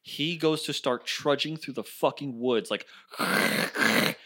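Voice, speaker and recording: A man's voice: fairly high pitch, moderate pace, hardly any pauses. A man on a podcast telling a story in casual banter, swearing and laughing, close to the mic. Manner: animated, swears a lot, laughs while telling stories. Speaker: guest.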